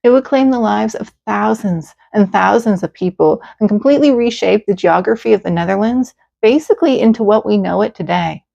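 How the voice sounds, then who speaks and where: Gravelly-voiced woman telling a legend. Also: mid-range voice, brisk, few pauses, warm tone. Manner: dramatic, earnest storytelling. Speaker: history storyteller. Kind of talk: storytelling narration. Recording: slightly dull, faint music.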